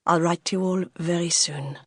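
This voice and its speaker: Audiobook: woman voicing an earnest, proud young woman, faint French accent, lifted brighter pitch. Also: steady tone, normal speed, breathy edge, no room sound, studio quality. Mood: cheerful.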